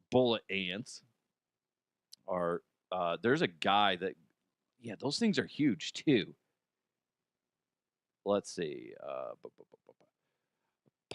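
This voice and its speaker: A man's voice: lowish voice, animated, takes it slowly, pauses often, a bit bright, no echo. A man hosting a comedic news chat, joking, swearing freely and acting out silly voices. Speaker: host.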